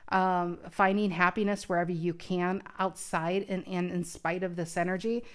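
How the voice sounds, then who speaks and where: A woman's voice: fairly low pitch, flat delivery, normal speed, smooth. A woman giving a casual tarot reading to camera, speaking earnestly and thinking aloud with frequent restarts. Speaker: tarot card reader.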